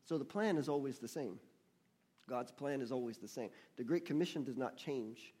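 Husky, mellow-voiced male preacher. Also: mid-range voice. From United States. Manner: reads scripture slowly and emphatically, asks the congregation questions. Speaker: pastor. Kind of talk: sermon. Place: church.

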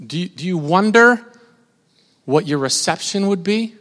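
A young man preaching a casual, animated sermon, rambling and cutting himself off as he goes. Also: sits high, a little slow, long reverb tail. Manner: animated, rambling, self-interrupting. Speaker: pastor.

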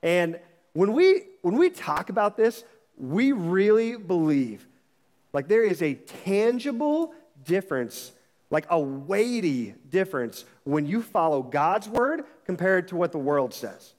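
A man's voice: high voice, very animated, unhurried, a little mellow, in a large hall. A man preaching a sermon as pastor, emphatic and repeating his phrases with frequent restarts.

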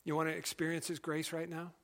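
A middle-aged male pastor preaching a sermon in an earnest, conversational way, dropping to quiet emphasis. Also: high-pitched, a little slow.

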